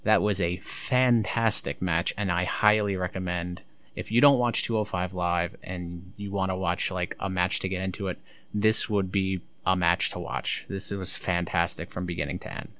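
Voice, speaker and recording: A man's voice: sits low, steady tone, moderate pace, a bit bright, smooth. A man recapping a wrestling show in casual commentary, blunt, sarcastic and swearing freely.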